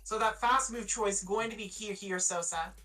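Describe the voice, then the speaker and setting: Bright excited Eastern Canadian caster. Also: male voice, high-pitched, normal speed. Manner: energetic, excitable calls. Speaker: esports commentator. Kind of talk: live play-by-play commentary. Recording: music bed, distant from mic.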